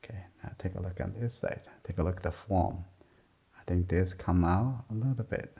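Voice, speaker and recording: A man teaching a drawing lesson as he works, talking softly in short, simple, broken phrases. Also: low-pitched, moderate pace, gravelly. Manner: soft-spoken, murmuring, simple broken phrasing. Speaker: art teacher. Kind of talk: drawing lesson narration while working. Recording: dull lo-fi sound.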